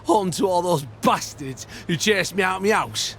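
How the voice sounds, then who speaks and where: A bitter, scoffing outcast. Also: male voice, high voice, animated, normal speed, fairly bright tone, a little hiss or hum. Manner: gruff, scoffing, laughs at others. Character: bitter outcast middle-aged man trader.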